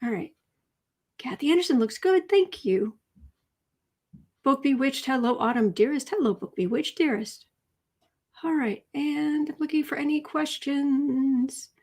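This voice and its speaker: A woman's voice: high-pitched, lively intonation, a little slow, long pauses, a little mellow. A middle-aged woman hosting a livestream, chatting casually and rambling as she greets viewers by name. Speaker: tarot reading livestream host.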